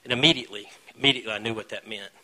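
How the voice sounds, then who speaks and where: A man sharing his own story at a recovery meeting. He talks earnestly, pokes fun at himself and now and then breaks into loud bursts. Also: lowish voice, racing, low-quality recording. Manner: earnest, self-mocking humor with sudden loud bursts. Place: meeting room.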